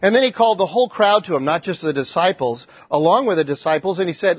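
Brief: a male preacher retelling scripture as lively stories, fairly high-pitched, dull, dry sound. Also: fast talker, few pauses, dry recording. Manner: conversational, animated storytelling with frequent restarts. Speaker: pastor. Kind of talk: sermon. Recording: dry, slightly dull recording.

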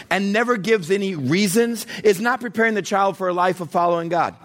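Pastor, male, high and very lively delivery; playful, acts out scenes, asks the crowd questions. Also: fairly quick, hardly any pauses. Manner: animated, acts out everyday scenes with humor; talks straight to the audience with questions. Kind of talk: sermon.

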